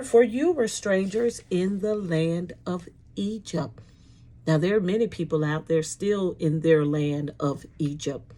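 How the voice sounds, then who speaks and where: A woman telling a faith story in a folksy, emphatic way, slowing down to stress key words. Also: fairly low pitch, mellow. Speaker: Christian speaker.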